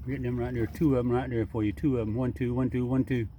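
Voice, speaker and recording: A man's voice: mid-range voice, little pitch movement, fast, dark tone, a little hiss or hum. Folksy man coaxing a raccoon. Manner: folksy, teasing, coaxing an animal. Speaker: backyard wildlife feeder. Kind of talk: casual talk to an animal while filming. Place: outdoors at night by a water drum.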